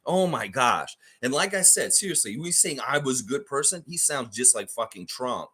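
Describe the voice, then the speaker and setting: Male livestream host, swings his pitch widely, husky voice, profane, heated and mocking. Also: animated, moderate pace, pushed and bright. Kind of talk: ranting fan reaction livestream.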